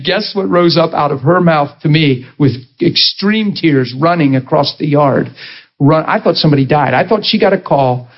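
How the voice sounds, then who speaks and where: Man preaching, husky, fairly high voice, passionate storytelling, muffled recording. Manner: passionate storytelling, voice swinging between high and low. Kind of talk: sermon.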